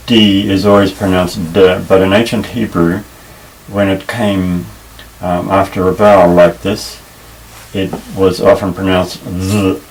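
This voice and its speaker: A very deep-voiced man talks slowly through a Hebrew language lesson, pausing and restarting as he explains. He sits a little back from the microphone. A faint hiss of room noise runs under his voice. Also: far from the mic, poor audio. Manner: unhurried, halting, with frequent fillers and restarts. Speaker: Hebrew teacher.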